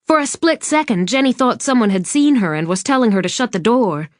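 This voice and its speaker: A woman narrating a suspense novel in a measured, even scripted reading. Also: fairly high pitch, dry recording. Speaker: audiobook narrator. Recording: dry studio read.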